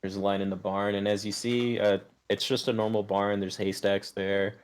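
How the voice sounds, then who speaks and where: A young man narrating as game master, halting and full of restarts. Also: on the low side, flat delivery.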